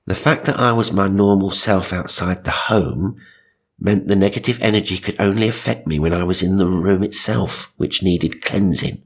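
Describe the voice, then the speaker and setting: Male narrator, low and husky, dry comic asides. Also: moderate pace. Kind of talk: comic reading of magazine stories.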